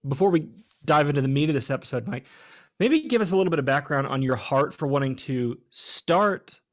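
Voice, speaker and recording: A man co-hosting a podcast, introducing his guest thoughtfully, with frequent pauses and fillers. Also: on the high side, animated. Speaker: podcast co-host. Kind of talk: casual podcast chat.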